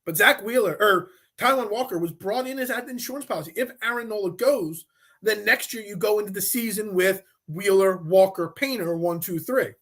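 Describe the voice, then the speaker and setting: Animated, bright-voiced sports talk host. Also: male voice, sits high, moderate pace. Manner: animated, repeats himself when making a point.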